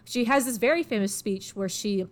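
A young woman hosts a casual podcast, talking at a medium pitch. She retells a story loosely and irreverently, giggling often and tossing in quick character voices along the way.

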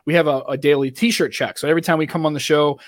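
A man co-hosting a podcast, chatting in a loose, rambling way full of fillers and restarts. His voice sits a little high, and the sound is close and dry. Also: fairly even intonation, fast talker, no room sound. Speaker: podcast co-host. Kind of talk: casual chat.

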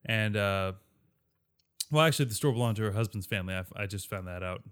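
A man's voice: fairly low pitch, quick pace, a crowd in the background. A man co-hosting a podcast in casual chat, rambling, correcting himself as he reads along and laughing easily. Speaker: podcast co-host.

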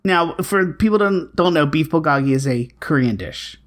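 A woman co-hosting a podcast who tells stories in an animated, exasperated way and swears freely. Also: deep voice, normal speed. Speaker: podcast co-host. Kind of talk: casual storytelling chat.

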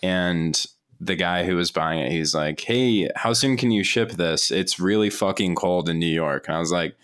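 A man co-hosting a podcast in casual chat, telling rambling anecdotes. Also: moderate pace. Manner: rambling storyteller, jumps pitch when excited. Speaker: podcast co-host.

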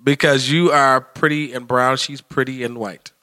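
A man's voice: medium pitch, steady tone, moderate pace, pushed and bright. A man co-hosting a casual podcast chat, teasing his friends and putting questions to the guest. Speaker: podcast co-host.

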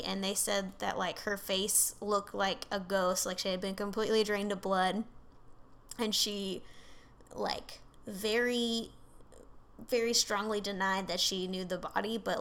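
A woman co-hosting a podcast over a remote call tells a case in casual conversation, rambling with lots of fillers and asides and swearing offhandedly. Her voice is medium-pitched with a fairly bright tone.

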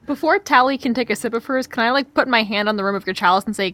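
A woman's voice: fairly high pitch, fast talker, fairly bright tone. A woman playing a tabletop game, wry and hesitant, with fillers. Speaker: player. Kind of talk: casual tabletop play.

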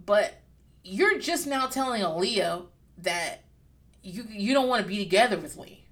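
A woman's voice: fairly high pitch, expressive, normal speed, fairly bright tone. Candid, profane woman recapping TV. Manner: swears freely, rambling and candid, with bursts of laughter. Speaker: podcast host recapping a reality show. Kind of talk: casual chat.

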